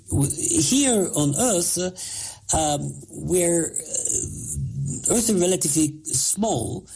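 Husky-voiced man explaining with many pauses. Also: on the high side, a little mellow. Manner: halting, many fillers, explanatory. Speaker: physicist guest. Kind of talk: interview answers.

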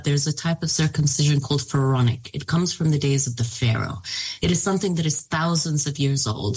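A woman from Sudan, a filmmaker, answering interview questions in a thoughtful, measured way, with frequent pauses and fillers. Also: low-pitched, a little mellow.

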